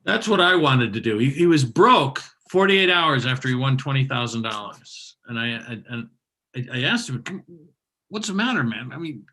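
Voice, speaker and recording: A middle-aged man hosting a comedy show, teasing the comics and often breaking into loud laughter. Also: medium pitch, sing-song, moderate pace, low-quality recording. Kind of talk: bantering comedy host.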